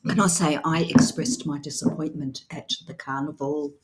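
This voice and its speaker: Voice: medium pitch, steady tone, normal speed, heavy background noise. A co-host, chatting casually on a live stream and adding dry, teasing corrections.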